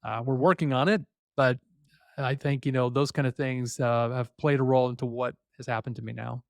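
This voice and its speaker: A man's voice: mid-range voice, steady tone, a little fast, creaky, dry recording, clean studio sound. A middle-aged man, a podcast guest, telling personal stories reflectively with hesitant fillers. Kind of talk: conversational interview.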